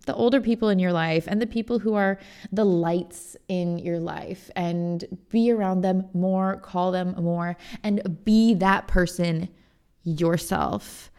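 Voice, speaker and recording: A woman's voice: on the low side, steady tone, slow pace, mellow, clear, resonant tone. A young woman hosting a casual solo podcast, talking in a rambling, self-deprecating way. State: tearful and choked up while reading. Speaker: podcast host and songwriting coach.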